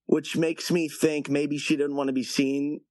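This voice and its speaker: Caller, 20s man, rambling and halting story, dry close sound. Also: a little high, level tone, darkish tone, no echo. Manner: rambling, halting, with many restarts. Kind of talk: casual call-in storytelling.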